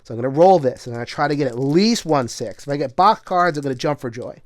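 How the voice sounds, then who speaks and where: A man's voice: medium pitch, animated, fast, no echo. A man casually talking through a solo board game, chatty and full of filler words, bursting into laughter now and then. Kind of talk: casual solo playthrough commentary.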